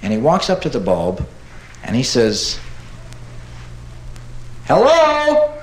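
A man telling a comic story in a relaxed, meandering way, with fillers. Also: on the low side, moderate pace, reverberant, noisy background. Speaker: comedian. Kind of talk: storytelling bit.

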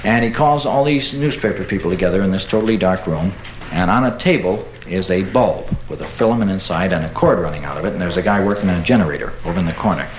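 A man telling a comic story in a relaxed, meandering way, with fillers. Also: sits low, fast talker, reverberant, a little hiss or hum, rough recording. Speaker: comedian. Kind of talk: storytelling bit.

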